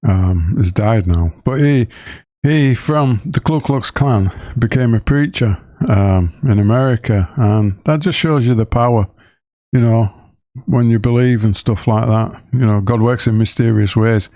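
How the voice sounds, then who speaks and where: A man hosting a video, giving relaxed, thoughtful casual commentary. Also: mid-range voice, measured pace, no room sound, clean studio sound. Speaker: video host.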